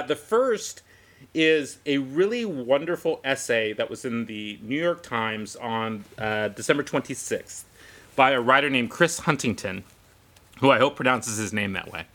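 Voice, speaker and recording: An animated man with a bright, forceful voice swings his pitch widely as he tells a story. He acts out other people's lines and laughs often, in relaxed podcast chat. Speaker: podcast co-host.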